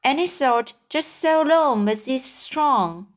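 A woman voicing a young boy who calmly explains his plan in a storybook reading. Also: high voice, takes it slowly, pitched above the performer's own voice. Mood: determined. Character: young boy, calm and determined.

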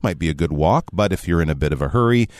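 A man co-hosting a radio English lesson, explaining phrases in an animated, explanatory way. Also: fast talker, no echo. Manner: animated, explanatory, lively pitch swings. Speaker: English teacher co-host.

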